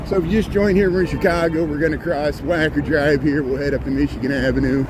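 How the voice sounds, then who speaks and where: A chatty man walks busy city streets, narrating his live stream and greeting viewers one after another. His voice sits a little high for a man. Traffic noise rumbles clearly behind him. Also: fairly even intonation, fast talker. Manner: chatty, greets viewers by name, repeats himself. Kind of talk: casual live-stream narration while walking.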